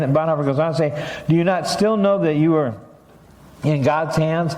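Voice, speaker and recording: A middle-aged man preaching in a church, his voice sitting a little high for a man. He talks as if in conversation and then climbs into emphatic, pressing passages. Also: moderate pace, a little mellow, echoey room. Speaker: pastor. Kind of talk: sermon. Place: church sanctuary.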